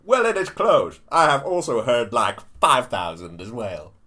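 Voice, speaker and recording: Man putting on a brash older politician, low and loud, whiny, lively swings in pitch. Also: a little slow, full character voice. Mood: dismissive. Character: blustering brash American president, male, older.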